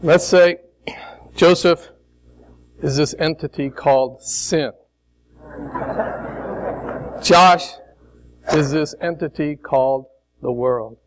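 Chicago guy preaching slow, higher voice, gets the church to answer back, jokes around. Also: poor audio. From Chicago, United States. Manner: coaxing, emphatic, jokes with the congregation. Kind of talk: sermon with call-and-response.

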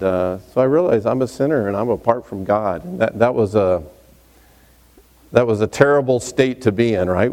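A man from Texas introducing himself to a congregation as a visiting preacher, relaxed and chatty with many fillers and asides. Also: lowish voice. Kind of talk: sermon introduction, casual and folksy. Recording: reverberant hall.

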